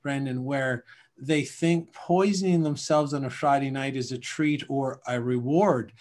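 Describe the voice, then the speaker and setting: A man's voice: mid-range voice, steady tone, a little slow, a little mellow. A man from Canada talking in a casual podcast conversation, emphatic and rambling, often acting out little scenes.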